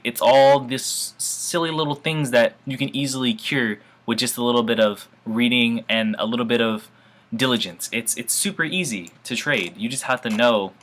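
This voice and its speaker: Man, casual trading tutorial, bright forward voice, mid pitch, offhand, informal. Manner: offhand and informal, keeps calling viewers "guys", shrugs things off. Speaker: forex trading instructor. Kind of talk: casual screen-share tutorial.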